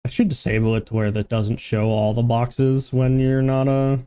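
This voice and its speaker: A man's voice: medium pitch, level tone, moderate pace, mellow, clear, resonant tone. A man streaming a game live, chatting casually, joking, swearing and laughing at himself.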